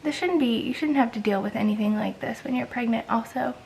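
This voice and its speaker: A woman's voice: on the high side, a little fast, gravelly, a little mellow, low-quality recording. A woman with a stuffy, congested voice talks to the camera while sick with a fever. She rambles casually, full of likes and restarts, sounding worn out. A faint hum of noise sits behind her. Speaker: vlogger. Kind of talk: casual vlog chat.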